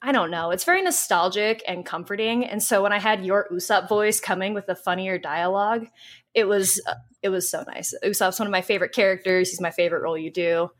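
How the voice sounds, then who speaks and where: A woman's voice: mid-range voice, brisk. A young woman co-hosting a podcast, chatting casually and gushing as an eager fan. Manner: enthusiastic, rambling fan talk. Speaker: podcast co-host.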